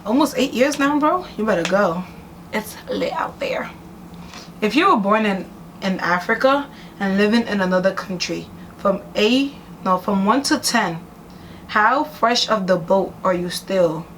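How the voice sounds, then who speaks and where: A woman's voice: medium pitch, expressive, moderate pace, a bit bright, a little hiss or hum, rough recording. A young woman from New York City hosting a casual chat with her cousin, teasing and laughing often. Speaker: host.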